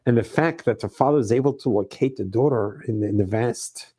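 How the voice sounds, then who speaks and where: A man's voice: medium pitch, a little fast, warm tone, husky. A middle-aged man preaching as a rabbi, earnest and emphatic, repeating his phrases. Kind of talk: sermon.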